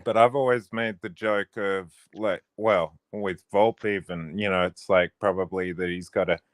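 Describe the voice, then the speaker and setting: A man co-hosting a podcast in casual chat, talking haltingly and trailing off mid-sentence. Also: low-pitched, steady tone, dry recording. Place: small rural town.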